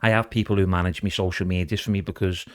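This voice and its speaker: A middle-aged man talks casually on a podcast, drifting from thought to thought and calling the host "mate". His voice sits on the low side. The recording is close and dry, with no room sound. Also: fairly even intonation, fast, no echo. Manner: chatty and rambling, calls the host "mate". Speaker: guest impressionist.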